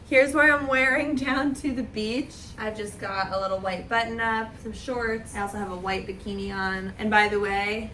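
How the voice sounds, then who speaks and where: A woman's voice: medium pitch, a bit bright, slight background noise. A woman in her thirties chatting casually in a vlog, reflective and friendly, at a beach resort. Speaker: vlogger.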